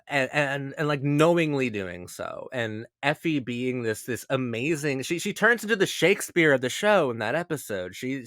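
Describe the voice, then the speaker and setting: A man giving a casual spoken analysis as a video essay host, animated and excitable, stumbling over repeated words and swearing casually. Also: on the high side, dry recording, clean studio sound.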